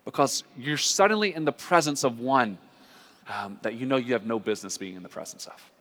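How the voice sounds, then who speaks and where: A man preaching a sermon as a pastor, earnest and conversational, with drawn-out dramatic pauses. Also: medium pitch, a bit bright. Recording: long hall reverb.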